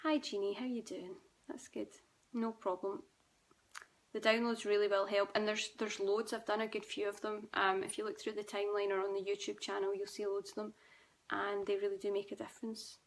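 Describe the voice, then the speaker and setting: A woman's voice: medium pitch, flat delivery, fairly quick. A young Scottish woman hosting a live stream, reading viewer comments and answering them in a chatty, reassuring way. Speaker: host.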